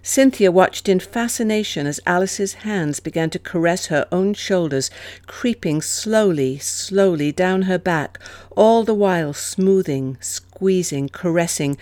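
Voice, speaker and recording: A woman narrating an audiobook in a measured, expressive manner. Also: lowish voice, no room sound. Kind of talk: scripted narration.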